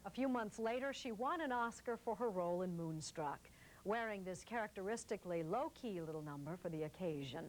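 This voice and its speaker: A woman's voice: medium pitch, expressive, a little hiss or hum, poor audio. Polished woman news narrator. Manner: measured, polished. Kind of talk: scripted TV narration.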